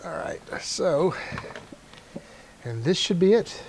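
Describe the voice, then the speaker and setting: A man's voice: high-pitched, big pitch swings, slow, a little mellow, slight background noise. A man casually narrating as he works in his garage, thinking aloud with wry, self-deprecating asides. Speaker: channel host repairing a motor scooter. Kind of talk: casual narration while working.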